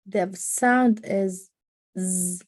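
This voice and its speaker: Slow, careful woman reading aloud. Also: medium pitch, no room sound. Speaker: language student. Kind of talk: pronunciation practice.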